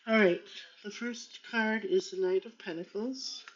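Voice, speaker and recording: A woman talking slowly and haltingly in a personal monologue, moving between hurt and defiance while reading tarot cards. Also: mid-range voice, slight background noise. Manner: slow, halting, with many restarts and pauses; pained and defiant in turns. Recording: dull lo-fi recording.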